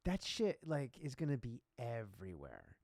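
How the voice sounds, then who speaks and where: A man's voice: mid-range voice, wildly swooping pitch, normal speed, vocal fry, a little mellow, no room sound, clean studio sound. A man co-hosting a casual podcast chat, pressing his partner with pointed questions. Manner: probing, pushes with questions. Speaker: podcast co-host.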